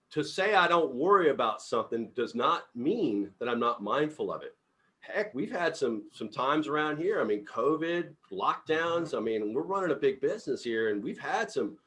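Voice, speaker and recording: Speaking in a mid-range voice at a moderate pace, a middle-aged CEO runs a team meeting with a casual pep talk. He's an upbeat, animated storyteller who performs the dialogue from his own experiences.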